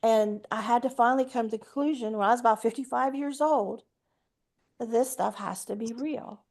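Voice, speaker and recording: A woman's voice: fairly high pitch, a little fast, darkish tone. A woman in her sixties, speaking earnestly and emphatically as a guest at a group meeting, telling a personal story and acting out what people said. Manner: earnest and emphatic, acts out quoted speech. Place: meeting room.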